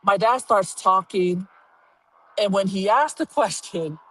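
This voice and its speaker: A man telling a personal story to a live audience, animated and blunt, swearing casually and acting out the voices of the people in it. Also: high voice, takes it slowly. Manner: animated, acts out quoted voices, laughs while telling.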